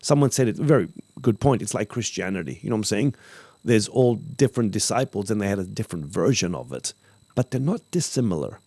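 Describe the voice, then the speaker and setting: A man hosting a podcast, talking casually about acting craft, animated and repeating phrases for emphasis while acting out example lines. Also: fairly low pitch, fairly quick, slightly rough, dry recording. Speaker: podcast host, acting teacher.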